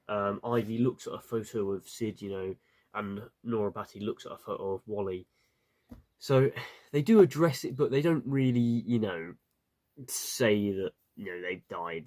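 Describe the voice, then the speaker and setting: A man's voice: fairly low pitch, a little mellow. A man giving a casual, rambling spoken review, full of fillers and restarts. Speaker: video reviewer.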